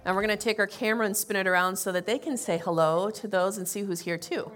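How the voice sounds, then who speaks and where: A woman's voice: medium pitch, fast talker, a bit bright. Woman preaching a casual, chatty sermon. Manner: conversational, with fillers and self-corrections. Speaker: pastor. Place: church sanctuary with congregation.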